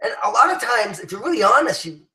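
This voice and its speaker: A man's voice: very high voice, big pitch swings, quick pace, sharp tone, echoey room, poor audio. A man giving an emphatic motivational talk to his team, rallying them with many restarts and fillers. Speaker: business leader addressing his team.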